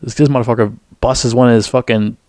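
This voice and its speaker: A man giving a heated, profane movie review. He rambles with many restarts, and his voice jumps higher when he gets outraged. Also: fairly even intonation, fast talker, dark tone, no echo.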